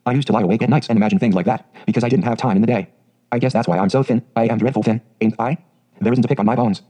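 A clear, sweet-voiced orphan girl of about eleven chatters on in breathless, eager run-on bursts, as a man reads her part in a storybook. The talk races along very fast. Her tone sits soft and mellow, with a slightly husky edge. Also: mid-range voice, natural voice.

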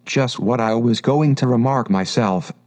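A man's voice: medium pitch, unhurried, a little mellow, lightly acted. A man voicing a sleepy little dormouse in a storybook reading, talking drowsily. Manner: sleepy, mumbling.

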